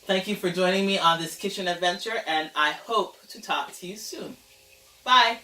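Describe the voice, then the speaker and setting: A woman's voice: on the low side, moderate pace, sharp tone, far from the mic. A woman hosting a casual home cooking vlog, chatting playfully as she talks through each step. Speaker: home cook, channel host. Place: home kitchen. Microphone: camera mic, back turned, away from it. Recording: echoey kitchen, voice off-mic, faint noise.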